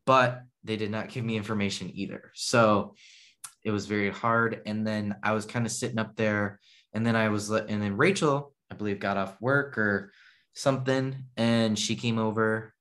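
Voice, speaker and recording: A man's voice: lowish voice, fairly even intonation, normal speed, fairly bright tone. A man telling a story in casual chat, rambling and correcting himself, laughing at his own tale.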